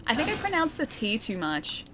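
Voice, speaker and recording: A woman's voice: a little high, wildly swooping pitch, moderate pace, background noise. A young woman with a light Australian accent, chatting and laughing through a game stream and reading out chat. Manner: giggly, chatty, self-mocking. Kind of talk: casual gameplay commentary reading chat.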